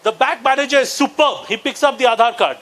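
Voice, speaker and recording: A man in his forties with an Indian English accent performs stand-up comedy before a live audience in a conference hall, acting out characters with a punchy delivery. He talks fast in an extremely high-pitched, fairly bright voice.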